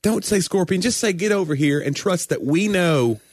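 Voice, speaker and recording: A man co-hosting a casual comedic chat, ranting in a jokey, animated way. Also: high-pitched, normal speed. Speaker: podcast co-host.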